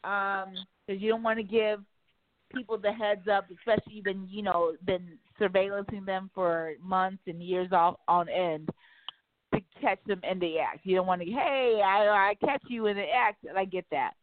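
A woman's voice: medium pitch, normal speed. Emphatic woman talk host on a tinny line. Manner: animated, emphatic, profane, acts out quotes. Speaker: radio talk show host. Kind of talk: casual opinion talk. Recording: tinny phone-like line, dry.

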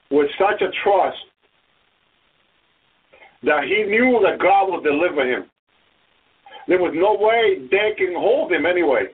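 A male preacher giving an impassioned sermon, breaking in with murmured hallelujahs and rising to loud cries. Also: on the high side, slightly rough. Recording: tinny phone-like radio sound from far off.

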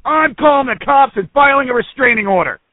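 A man's voice: very high voice, expressive, brisk, no echo. A man playing a furious neighbor in a prank phone recording, threatening and accusing. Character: furious male neighbor, middle-aged, accusing. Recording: tinny phone line.

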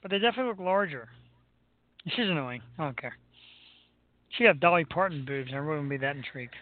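A man's voice: a little high, expressive, fast talker. A man co-hosting a casual chat, joking and teasing. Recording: tinny phone-like line, dry.

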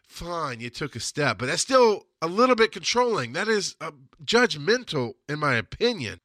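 A man's voice: a little high, big pitch swings, normal speed, hardly any pauses, bright, forceful tone, no room sound, clean studio sound. A man hosting a solo podcast monologue, ranting with lots of swearing and wandering off on tangents. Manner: profane, ranting, digressive. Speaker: podcast host.

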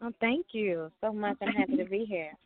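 A woman's voice: mid-range voice, moderate pace, dry recording. A young woman from Memphis with a Southern accent, a singer and songwriter calling in to give easygoing, reflective interview answers. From Memphis, Tennessee. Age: young adult. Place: calling in from home. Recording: dry tinny phone line.

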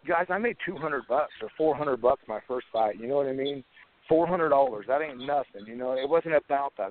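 A man in his forties, a fighter, telling his story casually in an interview, rambling and chuckling, with fillers like "man" and "you know". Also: medium pitch. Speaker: guest, professional fighter. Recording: phone-line audio, tinny.

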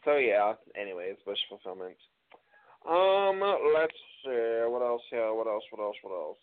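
A man's voice: on the low side, lively intonation, unhurried. Podcast guy musing about a show, loose and chatty, tinny lo-fi sound. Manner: loose, chatty, thinks out loud. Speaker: podcast co-host. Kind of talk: casual TV review chat. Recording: tinny phone-like audio.

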